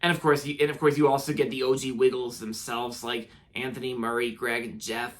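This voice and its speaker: A young American man talks through a video review in a loose, off-the-cuff way. His voice sits at an ordinary middle pitch. He keeps stopping and restarting his sentences and fills the gaps with lots of filler words. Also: little pitch movement, fairly quick. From United States. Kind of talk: casual spoken review.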